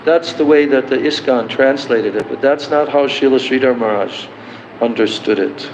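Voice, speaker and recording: A man giving a devotional lecture, slowly explaining and chanting song verses as a spiritual teacher. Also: medium pitch, a little hiss or hum. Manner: slow and deliberate, chanting verses. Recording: roomy, dull, lo-fi livestream.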